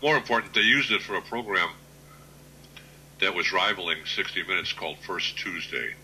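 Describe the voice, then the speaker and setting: Interview guest, male, 60s, very deep but bright-edged voice, plainspoken storyteller. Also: a little hiss or hum, low-quality recording. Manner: unhurried, plainspoken anecdotes. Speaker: guest author.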